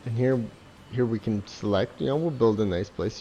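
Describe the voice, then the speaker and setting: Gravelly-voiced man, sarcastic game reviewer. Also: lowish voice, normal speed, mellow, a little hiss or hum. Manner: sarcastic, swears a lot, mocking laughs. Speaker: gameplay reviewer. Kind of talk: casual profane commentary over gameplay.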